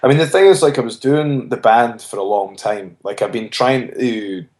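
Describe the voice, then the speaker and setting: A man's voice: mid-range voice, moderate pace, darkish tone. A man, a wrestler being interviewed, telling his story earnestly and often restarting his phrases. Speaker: wrestler guest. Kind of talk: casual interview chat. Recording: roomy echo.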